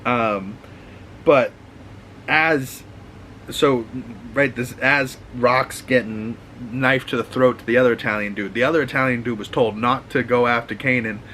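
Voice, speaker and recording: A man with a Boston accent rambles through a profane TV recap, restarting his sentences as he goes. His voice sits at an ordinary mid pitch, and a faint ambient noise runs under the recording. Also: steady tone, a little slow, fairly bright tone, low-quality recording. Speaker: host. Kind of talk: casual TV recap chat.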